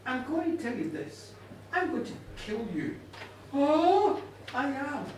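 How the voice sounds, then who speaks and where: A storyteller voicing a proud, angry king who speaks slowly and threateningly, recorded live in a pub. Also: very high-pitched, huge pitch swings, slight background noise, pitched above the performer's own voice, full character voice. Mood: commanding. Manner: slow, commanding, threatening. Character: proud angry middle-aged male king. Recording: echoey pub room from far off.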